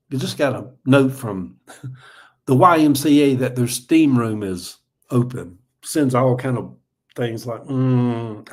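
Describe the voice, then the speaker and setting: A middle-aged man with a Southern accent from Georgia, chatting casually on a livestream, rambling in a folksy way and reading viewer comments aloud. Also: mid-range voice. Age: 40s or older. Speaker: livestream host.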